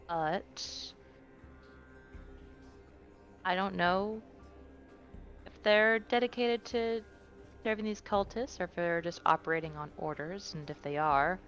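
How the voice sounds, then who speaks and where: A thoughtful adventurer heroine who wonders aloud about her foes, as a woman puts her on in a tabletop game. Her voice sits a little low with a gravelly edge. Faint music plays underneath. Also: muffled recording. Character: female adventurer, curious and thoughtful. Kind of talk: tabletop role-play in character.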